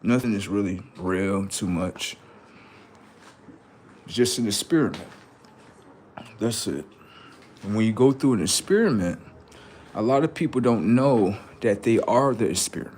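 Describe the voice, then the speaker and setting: A man's voice: fairly low pitch, measured pace, pauses often, a little mellow, slight background noise. A man hosting a livestream who delivers a rambling, preachy and profane unscripted monologue. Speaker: livestream host.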